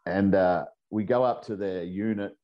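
Deep-voiced Australian man telling crude stories. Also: moderate pace, dull audio. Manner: profane, rambling, animated storyteller. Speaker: podcast guest. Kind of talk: casual storytelling.

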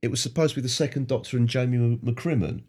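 A man's voice: medium pitch, fairly even intonation, fast, a little mellow, breathy edge. A British man co-hosting a podcast, chatting casually and wryly while they watch an episode together. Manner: wry, chuckling commentary. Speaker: podcast co-host.

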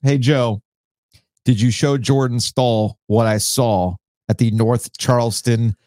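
A man co-hosting a sports podcast in casual chat, teasing and animated. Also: takes it slowly, dry recording, studio quality. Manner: animated, teasing, jumps into high mock shouts. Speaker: podcast co-host.

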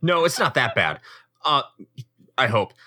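A man's voice: medium pitch, sing-song, unhurried, pushed and bright, dry recording, studio quality. A man co-hosting a casual podcast, telling rambling, playful stories. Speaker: podcast co-host.

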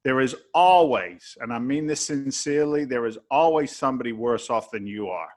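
An emphatic man from England, talking as a guest on a podcast interview. He lays out his motivational views bluntly and preachily, with the odd swear word, at an ordinary speaking pitch. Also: normal speed, darkish tone.

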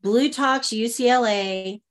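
Higher-voiced woman telling stories with flair. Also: slow pace. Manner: lively, acts out quoted dialogue. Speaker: guest, intuitive leadership coach. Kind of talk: conversational storytelling.

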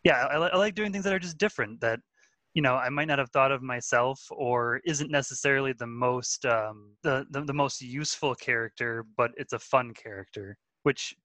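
A man's voice: medium pitch, normal speed, sharp tone, no room sound. A man co-hosting a tabletop gaming podcast in casual chat, often stumbling and repeating words as he restarts. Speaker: podcast co-host and tabletop player.

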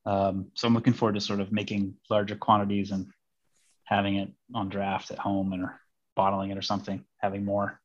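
Laid-back guy with a lowish voice, rambling, lots of ums, dull dry call sound. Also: brisk, dry recording. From Missouri, United States. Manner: relaxed, rambling, many fillers and restarts. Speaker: guest, diplomat and homebrewer. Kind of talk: casual conversational interview.

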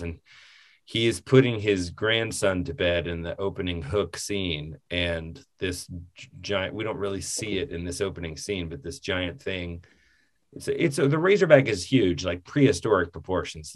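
A man with a slightly low voice talks casually about a film, rambling and laughing as he goes. He is lively and loose, stopping and restarting his thoughts. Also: moderate pace. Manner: rambling, animated, laughs often. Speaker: podcast co-host.

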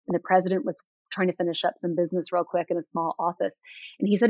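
In a dull, lo-fi recording without echo, a female author guest shares eager stories during an interview, using lots of fillers. She speaks quickly in a lowish, slightly mellow voice with a level tone.

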